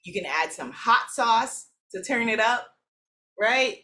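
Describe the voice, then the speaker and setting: A woman's voice: fairly high pitch, animated, takes it slowly, pushed and bright, a little hiss or hum. A woman teaching a live spiritual workshop, speaking in repeated gratitude affirmations and laughing easily. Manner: affirming, repeats gratitude phrases, reads participants' comments.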